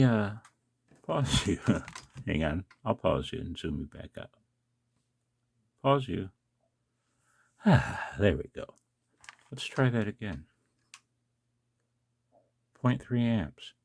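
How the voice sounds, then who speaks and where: A man's voice: deep voice, animated, slow pace, gravelly, long pauses, no echo. A tired man, up late at night, casually demonstrating a hobby device and chatting to the viewer with questions and chuckles.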